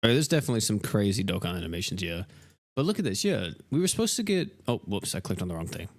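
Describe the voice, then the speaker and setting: Young dude streaming a game, lowish voice, ranting casual to chat. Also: male voice, big pitch swings, fast. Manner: rambling, exasperated, talks straight to chat. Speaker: game livestreamer.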